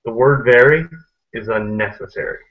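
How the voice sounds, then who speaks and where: A man's voice: mid-range voice, moderate pace. A man hosting a casual online group chat, making his points emphatically and repeating them, often tagging "man" on the end. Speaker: host of an online hangout. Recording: muffled lo-fi web call audio.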